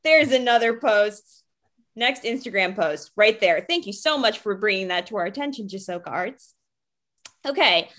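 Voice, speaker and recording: A woman's voice: mid-range voice, animated, normal speed, fairly bright tone. A young woman co-hosting a casual chat, giggly and gushing as she reads out viewer comments. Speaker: podcast co-host.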